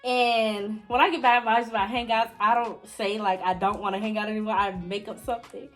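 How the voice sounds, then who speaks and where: A woman's voice: brisk, soft background music. A young woman telling a story to her viewers in a casual, chatty way, talking right to them. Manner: chatty, talks straight to viewers; big pitch jumps in excited moments.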